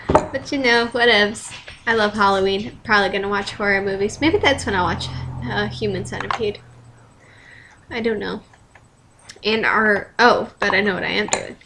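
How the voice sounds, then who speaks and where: A woman's voice: mid-range voice, moderate pace, long pauses, noisy background. A teenage girl vlogging casually, rambling through fan dares with self-deprecating asides and casual swearing, filmed at home on a webcam.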